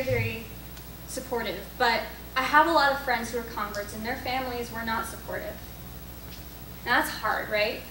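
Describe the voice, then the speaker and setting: A young woman speaks casually to a group, telling stories and taking questions in a chatty, self-correcting way. Her voice sits a little high and comes from some distance off the mic. The room is echoey, with a faint hiss behind her. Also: a bit bright. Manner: chatty, storytelling, frequent likes and self-corrections. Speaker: speaker at a young adult faith event. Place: parish hall.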